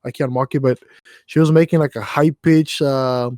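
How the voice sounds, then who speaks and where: A man's voice: medium pitch, steady tone, normal speed, a little mellow, no echo. A young man co-hosting a podcast, telling rambling work stories with lots of slang and fillers. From Mexican background. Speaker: podcast co-host. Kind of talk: casual storytelling chat.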